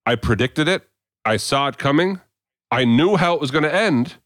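A man's voice: a little high, normal speed, no room sound. Canadian man, dry close sound, storytelling. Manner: animated storyteller, laughs often. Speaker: podcast co-host. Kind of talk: casual chat among friends.

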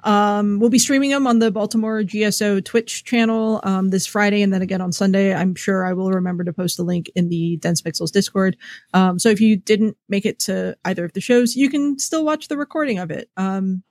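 A woman co-hosting a podcast who talks in a relaxed, easy way, full of small fillers. Her voice sits at a middle pitch. The sound is dry and close, with no room around it. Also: a little fast, dry recording. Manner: relaxed and conversational, lots of "like" and "um". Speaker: podcast co-host. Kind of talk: casual podcast chat.

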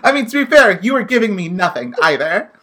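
A woman's voice: mid-range voice, big pitch swings, fairly quick, a bit bright. A young woman co-hosting a podcast, chatting casually and hesitantly, with lots of fillers and restarts. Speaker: podcast co-host. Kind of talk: casual chat, role-play banter.

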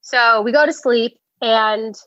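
A woman's voice: on the high side, slow pace, no echo, muffled recording. A woman casually telling a dating story, acting out each quote with lots of "like". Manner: animated, acts out quotes, many "like"s.

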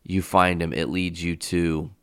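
Male podcast host, deep and resonant, casual rambling riffs, dry close sound. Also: level tone, measured pace, a bit bright, clean tone, no room sound. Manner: rambling, enthusiastic riffing with fillers; casual swearing. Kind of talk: casual solo podcast talk.

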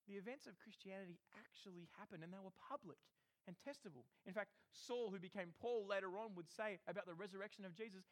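A man preaching with a high, bright-sounding voice. His delivery is animated and lively. He keeps switching into little acted voices for the people in his story. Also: fast talker. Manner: animated, acts out quotes in voices. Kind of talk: sermon.

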